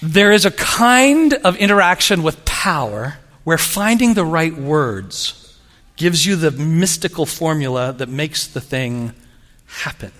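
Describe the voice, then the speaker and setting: A man preaching a sermon, telling stories in an animated, humorous way. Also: on the high side, takes it slowly. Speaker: pastor. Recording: long reverb of a large hall.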